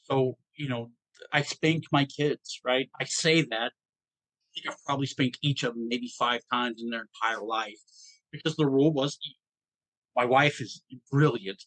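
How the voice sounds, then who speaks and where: A middle-aged man from Georgia, a podcast host telling a personal story in a halting, emotional way with many restarts. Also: medium pitch, a bit bright, no room sound.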